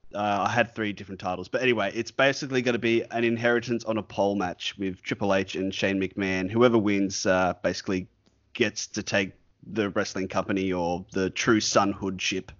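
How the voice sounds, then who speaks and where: A man hosting a casual podcast interview, talking in a relaxed, hesitant way with frequent "uh"s. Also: on the low side, normal speed. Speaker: podcast host. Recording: muffled lo-fi audio.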